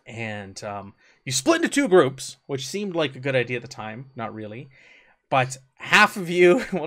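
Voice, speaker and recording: A man's voice: mid-range voice, fairly bright tone. A man running a tabletop game as game master, narrating casually with many fillers.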